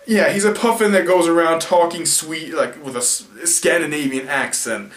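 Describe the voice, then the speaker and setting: A man's voice: fairly high pitch, normal speed, fairly bright tone. A man giving a casual, rambling film review late at night, tired, often restarting his sentences. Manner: rambling, self-correcting, frequent restarts and fillers. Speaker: video reviewer. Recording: roomy echo, mic at a distance.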